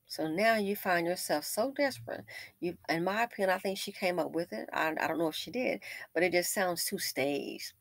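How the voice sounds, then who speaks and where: A woman's voice: fairly low pitch, normal speed, no room sound, clean studio sound. A woman host giving casual, opinionated commentary, telling a story with wry asides.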